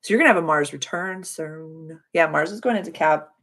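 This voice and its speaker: Young woman host, gravelly low voice, effusive chat about birth charts. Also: fairly quick. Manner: effusive, gushing with frequent high excited exclamations. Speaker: astrology livestream host. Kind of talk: casual chat reading viewers' charts.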